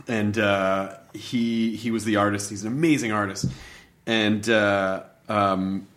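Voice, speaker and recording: Relaxed male voice actor telling stories. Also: medium pitch. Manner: relaxed, anecdotal storytelling. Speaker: interviewer and voice actor. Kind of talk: interview, casual chat.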